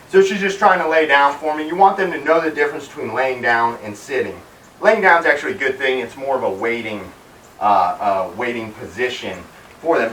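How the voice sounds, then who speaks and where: Dog trainer barking commands outdoors. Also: male voice, medium pitch, slight background noise. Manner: calm explaining, sharp commands to a dog. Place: outdoors in shade by a wall. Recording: roomy, distant outdoor sound, faint ambience.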